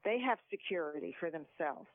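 A man's voice: fairly high pitch, animated, a little fast, no room sound. A man calling in to chat about politics, stumbling through restarts and tossing in sarcastic asides. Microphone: phone. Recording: tinny phone line.

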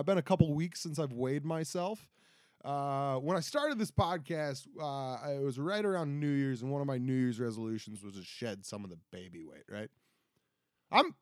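A man's voice: fairly high pitch, no echo, clean studio sound. A man in his twenties hosting a casual solo podcast, rambling and self-deprecating with many restarts. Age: 20s. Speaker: podcast host. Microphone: close podcast mic.

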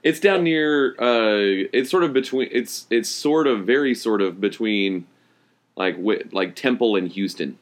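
A man's voice: fairly low pitch, unhurried. A man co-hosting a casual podcast as a blogger. He talks hesitantly, with many fillers and frequent laughs.

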